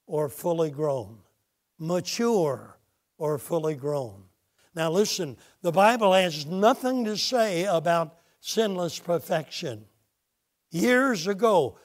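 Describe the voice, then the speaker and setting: A man preaching a sermon, telling stories and quoting scripture with dramatic pauses. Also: a little high. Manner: dramatic pauses, retells stories with acted quotes.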